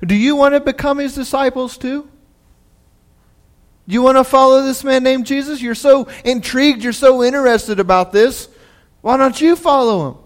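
A man's voice: very high voice, moderate pace, pitched above the performer's own voice. A preacher doing a sarcastic, fed-up healed man. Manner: mocking, raised voice.

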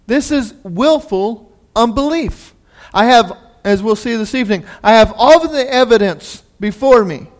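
High-voiced man preaching a sermon. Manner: conversational, animated storytelling.

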